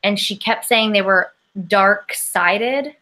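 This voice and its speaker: Woman cohost on a comedy pod, bright voice, teasing and animated, loose casual chat. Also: mid-range voice, slow pace. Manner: animated storyteller, teasing, sighs and apologizes. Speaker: podcast co-host.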